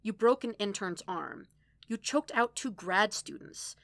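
A relentless scientist woman, read by a woman, laying out facts in firm, clipped sentences. Her voice is bright, recorded close and dry. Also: mid-range voice, lively intonation, measured pace, creaky, no room sound. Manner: firm, clipped, matter-of-fact.

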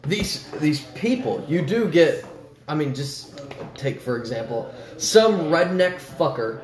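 A man's voice: fairly high pitch, animated, slow, darkish tone. A man co-hosting a casual podcast chat, full of crude, mocking banter. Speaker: podcast co-host. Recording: echoey room.

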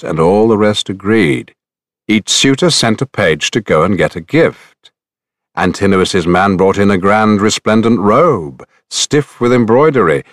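A man narrating an epic poem as an audiobook, in a measured storytelling manner. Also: lowish voice, no echo, studio quality.

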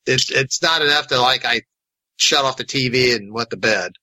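A man's voice: medium pitch, moderate pace, sharp tone, slight background noise, rough recording. A man co-hosting a movie podcast, talking conversationally with fillers and hedges. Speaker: podcast co-host. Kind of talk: casual podcast chat.

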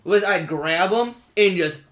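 A young man chatting on a podcast in a fairly high voice. He tells stories with energy, acts out what people said, and laughs often. The room sounds echoey. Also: measured pace. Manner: animated storyteller, acts out quotes, laughs often. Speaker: podcast co-host. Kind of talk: casual chat.

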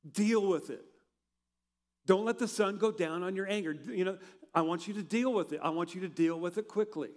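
A high-pitched man preaching in a church hall, his voice carrying a long reverberant tail. He asks the congregation questions and waits for the answer, then lets his voice sink low and quiet. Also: normal speed. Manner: preaches with rhetorical questions, swings from loud to quiet. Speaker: pastor. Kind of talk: sermon.

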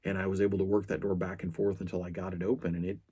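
Low husky-voiced man telling stories. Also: flat delivery, rapid-fire, dark tone. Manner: earnest storytelling, frequent restarts. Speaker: podcast host. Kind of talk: casual podcast monologue.

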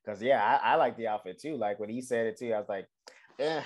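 A man co-hosting a podcast in casual chat, blunt and animated, swearing freely as he rants. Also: fairly low pitch, quick pace. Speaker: podcast co-host.

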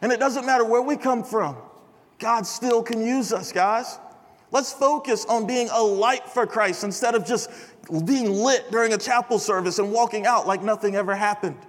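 A young man preaching at a chapel service in a casual, animated storytelling manner. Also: high voice, moderate pace. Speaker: chapel speaker. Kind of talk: sermon with storytelling. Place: large chapel hall. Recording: reverberant hall.

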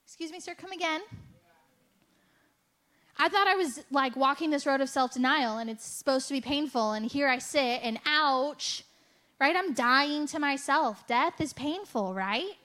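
A woman's voice: sits high, animated, moderate pace, sharp tone. Chatty woman giving a self-mocking testimony. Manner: chatty storytelling with frequent "like" and "right?". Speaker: speaker sharing a faith testimony. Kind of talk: conversational sermon testimony.

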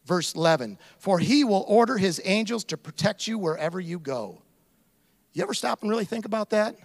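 A man preaching a sermon as a pastor, animated, acting out little scenes and asides as he goes. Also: sits high, brisk.

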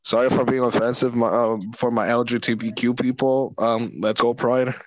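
A man's voice: mid-range voice, flat delivery, moderate pace, dry recording. A young man hosting a podcast in casual chat, crude and jokey, swearing a lot. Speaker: podcast host. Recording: dull lo-fi sound, dry.

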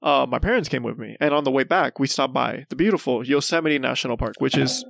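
A young man telling a story in casual chat, lively and often laughing as he acts out what people said. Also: medium pitch, quick pace, creaky, no room sound. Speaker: podcast co-host.

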